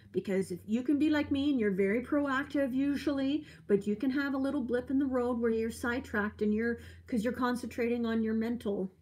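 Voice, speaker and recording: Brief: earnest woman vlogger in her forties, slightly high voice, casual live chat, a bit tired. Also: a little fast, hardly any pauses, a little mellow. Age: 40s. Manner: chatty, earnest, reads out viewer comments. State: a little tired.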